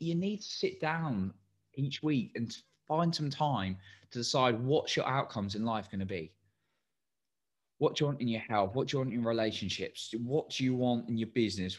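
A man coaching listeners in a motivational solo talk, tired, encouraging and asking many direct questions. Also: mid-range voice. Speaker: coach and podcast host.

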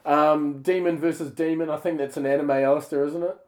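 A man improvising a silly film pitch in a comedy sketch, peppering it with "bloody" and "mate". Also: fairly even intonation, brisk, darkish tone. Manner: puts on a broad Aussie-style slang voice with "bloody" and "mate".

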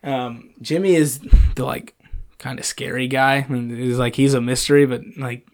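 A man's voice: mid-range voice, moderate pace. Chatty young man telling work stories. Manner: animated storyteller, many fillers like "like" and "um". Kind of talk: casual storytelling chat.

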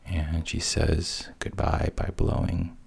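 A man retelling a fairy tale as a hushed, breathy whispered role-play. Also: very deep voice, monotone, slow pace. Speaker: storyteller.

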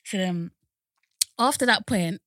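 A woman's voice: mid-range voice, slow pace, a bit bright, dry recording, studio quality. A woman co-hosting a podcast, chatting casually and telling funny family stories with lots of laughter. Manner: chatty storyteller, laughs a lot. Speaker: podcast co-host. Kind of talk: casual chat.

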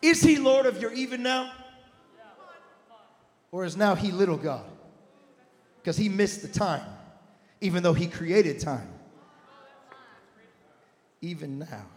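A man with a high voice preaches a sermon, acting out Bible scenes as casual modern talk before building to loud, shouted calls. His voice rings out with a long reverb tail, as in a large hall. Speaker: pastor.

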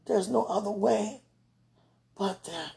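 A woman with a rough, gravelly voice and a very husky, breathy tone, speaking in casual spoken prayer and chat. Her talk rambles informally and swings between near-whispers and louder stretches. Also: medium pitch, slow. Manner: rambling and informal, drifting between hushed and loud.

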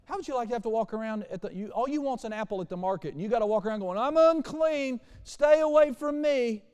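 A man preaching a sermon as pastor, animated, shifting between quiet and loud passages. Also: high voice, racing, clean tone, big-room sound. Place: church sanctuary.

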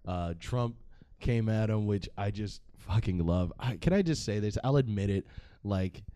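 A man with a low, mellow voice riffs through a casual comedic commentary, profane and rambling. The sound is dry and close, with no room around him. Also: expressive, unhurried, no echo. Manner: profane, joking and rambling with frequent laughs. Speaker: vlog host.

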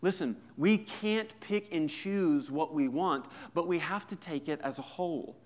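Male pastor, mid-high voice, chatty humorous sermon delivery, quiet asides and punchy emphasis. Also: a little slow. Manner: conversational and humorous, swinging from hushed to emphatic.

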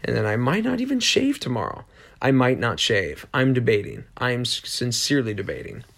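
A man hosts his own motivational podcast at an ordinary middle pitch, with a gravelly fry running through his voice. He talks earnestly and rambles, often restarting a thought. He keeps coming back to short, emphatic self-affirmations. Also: big pitch swings, fairly quick, fairly bright tone. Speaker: podcast host. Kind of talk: motivational solo podcast talk.

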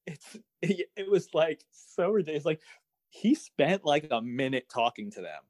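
A man's voice: fairly high pitch, very animated, moderate pace, darkish tone, dry recording. A young adult man co-hosting a podcast in casual chat, wry and incredulous, often restarting his sentences. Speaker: podcast co-host.

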